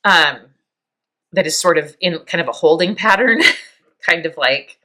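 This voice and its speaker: A woman in her fifties hosts a podcast with a lowish voice and lively intonation. Her reflective personal monologue comes out soft and halting; she's close to tears and laughs softly now and then.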